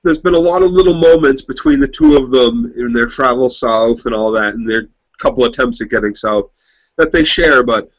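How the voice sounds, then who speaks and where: A man joins a casual TV recap, eager and quick to add his own asides. His voice sits in an ordinary middle range. The sound is a little muffled. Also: mid-range voice, no echo. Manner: enthusiastic, drops in book knowledge and asides. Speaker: podcast co-host. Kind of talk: casual TV episode recap chat.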